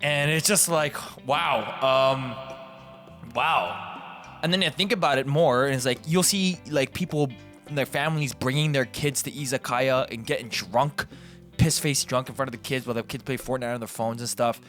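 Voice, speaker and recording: A young man hosting a podcast, telling stories in a casual, animated way and acting out what other people said. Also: mid-range voice, normal speed, faint music behind. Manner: animated, acts out voices in quotes. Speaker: podcast host. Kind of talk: casual storytelling.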